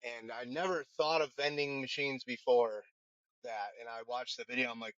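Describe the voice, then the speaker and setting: Bright, rambling man telling a story. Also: medium pitch, steady tone, normal speed, no echo. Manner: rambling, with many restarts and fillers. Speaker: guest, firefighter and vending business owner. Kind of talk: casual interview storytelling. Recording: dull, lo-fi sound.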